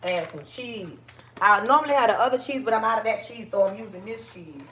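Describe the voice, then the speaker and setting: A woman's voice: medium pitch, brisk, a bit bright, a little hiss or hum. A woman with a Southern US accent chatting casually with her viewers on a livestream while she cooks. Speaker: livestream host.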